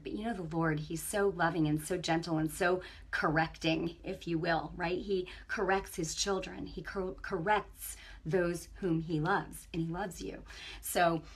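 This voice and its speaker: A woman giving an impassioned spiritual testimony on her own broadcast, telling stories in an animated way that swings between hushed and loud. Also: fairly low pitch, slightly rough. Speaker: online ministry broadcaster.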